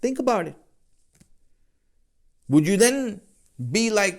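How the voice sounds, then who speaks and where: Slow, questioning male religious lecturer. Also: high voice, expressive. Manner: rhetorical questions, role-plays the listener's replies.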